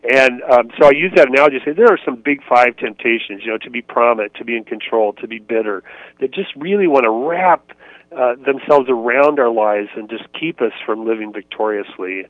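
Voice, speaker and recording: A man's voice: medium pitch, brisk, dry recording. Earnest man on a tinny phone line. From United States, Indiana. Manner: earnest, reflective, many fillers and restarts. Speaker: author and ministry leader, guest. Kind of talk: conversational interview answers.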